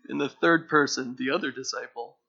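A man preaching an expository sermon, earnest and repetitive, moving from hushed tones to fervent emphasis. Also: mid-range voice, a little fast, vocal fry, muffled recording. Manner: earnest, repeats words, swings from hushed to fervent. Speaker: pastor.

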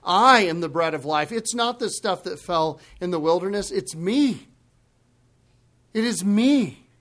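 Impassioned high-voiced male preacher. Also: expressive, measured pace. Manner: impassioned preaching, swinging from loud emphasis to hushed, grave asides. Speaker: pastor. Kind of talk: sermon.

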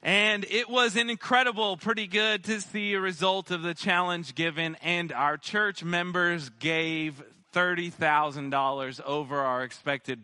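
A man preaching as pastor of his church, recapping the year with frequent fillers and throat clearing, his voice a little worn. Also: a little high, pushed and bright, no echo. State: losing his voice. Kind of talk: sermon. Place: church sanctuary.

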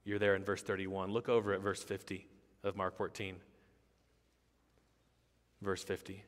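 Low-pitched male pastor, emphatic repetitive sermon delivery, long hall reverb. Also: level tone, measured pace.

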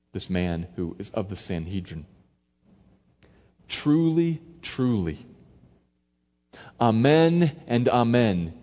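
Man preaching in a reverberant hall. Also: mid-range voice. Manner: conversational, varies loudness for emphasis, acts out quotes. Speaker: pastor. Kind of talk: expository sermon.

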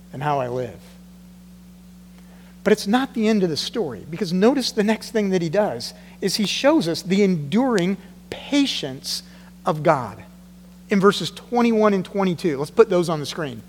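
A pastor preaches a sermon to his congregation in a high, bright voice, keeping it animated and slipping into the voices of the people he quotes. A long big-church-hall reverb rings through, with slight background noise.

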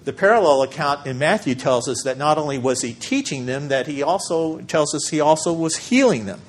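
A man preaching a sermon as pastor, measured and emphatic, with deliberate pauses for weight. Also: fairly high pitch, animated.

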